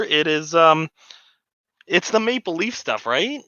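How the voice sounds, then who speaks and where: A man chatting on a live stream with a bright, forceful voice that sits a little high for a man. His easygoing, chatty talk comes through slightly dull and lo-fi. The sound is dry, with no room echo. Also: very animated, takes it slowly. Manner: chatty and easygoing, laughs often. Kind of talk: casual live stream chat. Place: home hobby room. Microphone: desk microphone.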